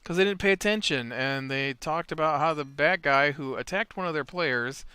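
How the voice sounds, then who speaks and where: A man's voice: a little high, normal speed, sharp tone, smooth, no echo. A man hosting a casual Minecraft let's play, rambling through a retold tabletop session with many fillers and restarts. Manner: retells a tabletop session while building. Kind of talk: casual game commentary and storytelling.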